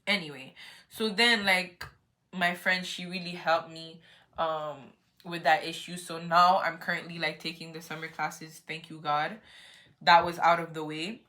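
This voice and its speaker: A lively young woman tells a casual story-time vlog with a fairly low, bright, forceful voice. She is animated and acts out her own reactions, with plenty of "like" and "you know what I mean." Her tone stays chatty and dramatic. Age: young adult. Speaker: vlogger.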